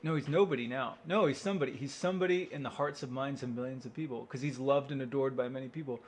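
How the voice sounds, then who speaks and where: A man's voice: medium pitch, quick pace, slight background noise. Man rambling wryly to himself. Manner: rambling, self-interrupting, wry, swears and laughs. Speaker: vlogger. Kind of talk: casual rambling monologue.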